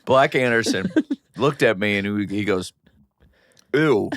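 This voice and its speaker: A man's voice: fairly low pitch, normal speed, no echo. A man co-hosting a comedy podcast, telling stories in casual chat and acting out the dialogue as he goes. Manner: animated storyteller acting out quoted dialogue. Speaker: podcast co-host.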